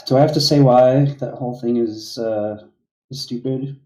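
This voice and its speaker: Podcast guy, kinda exasperated and sarcastic, mellow dark voice, roomy echo. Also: medium pitch, fairly even intonation, measured pace. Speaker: podcast co-host. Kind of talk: casual commentary chat.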